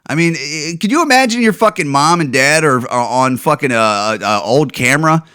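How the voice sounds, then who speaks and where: A man's voice: a little high, animated, moderate pace, sharp tone, clear, resonant tone. A man hosting a podcast, ranting in a profane, exasperated way about viral videos and stumbling over repeated words. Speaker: podcast host.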